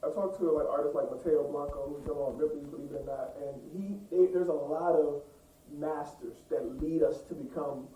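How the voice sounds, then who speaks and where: A male host chatting in a casual interview, dropping in quick, chatty remarks. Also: on the high side, fairly even intonation, warm tone. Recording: tinny phone-like, distant, echoey.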